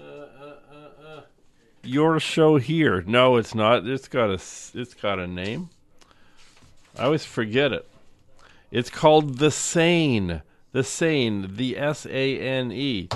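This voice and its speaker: A man's voice: medium pitch, smooth, no echo. A man working as a radio DJ, chatting casually between songs in a rambling, joking way with loose fillers, speaking from a radio studio.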